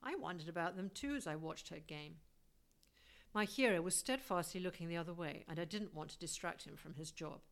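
A woman's voice: on the low side, fairly quick. A woman reading a first-person story aloud as an audiobook, with a wry, lightly humorous manner. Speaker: audiobook narrator. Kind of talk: storybook narration.

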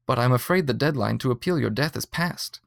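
A man reading as a sympathetic woman clerk from a spoken story, gentle and sincere. The voice is close and dry. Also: medium pitch, animated, fairly quick, vocal fry, dry recording.

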